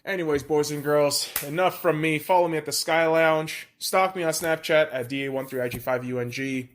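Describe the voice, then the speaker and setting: A man hosts his own podcast alone, speaking in a somewhat high voice. He rambles casually and swears freely. He also makes fun of himself as he talks to his listeners. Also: fairly even intonation, brisk. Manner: profane, rambling, self-deprecating. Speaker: podcast host. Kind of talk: casual solo podcast monologue.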